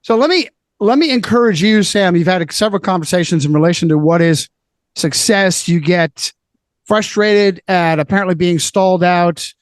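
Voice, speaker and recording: A man's voice: high-pitched, moderate pace, dry recording. A man speaking as a podcast guest, emphatic and preachy, hammering his points by repeating phrases in casual chat.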